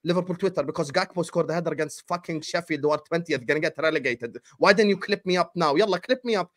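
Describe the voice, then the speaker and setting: A man with a notably high-pitched voice rants about his football club on a fan panel show. He swears freely and sounds fed up. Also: fast talker, fairly bright tone. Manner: ranting, profane, exasperated. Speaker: football pundit, Liverpool fan. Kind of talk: heated fan panel talk.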